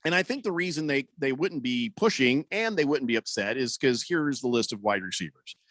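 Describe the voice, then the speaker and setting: A man's voice: mid-range voice, lively intonation, brisk, a bit bright, dry recording. A man hosting sports talk radio, ranting and sarcastic as he riffs on team news and reads listener comments.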